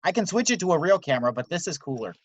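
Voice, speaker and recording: A man's voice: fairly high pitch, very fast, no echo. Laid-back man hosting an open mic. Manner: relaxed, joking. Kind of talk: casual chat. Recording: dull, dry home call audio.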